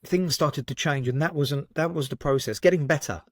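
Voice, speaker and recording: A man's voice: a little high, moderate pace, dry recording, clean studio sound. Man from Southend telling stories candidly. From Southend, England. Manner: lively storytelling, frequent swearing and "right?" tags. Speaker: guest psychotherapist. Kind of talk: candid podcast conversation.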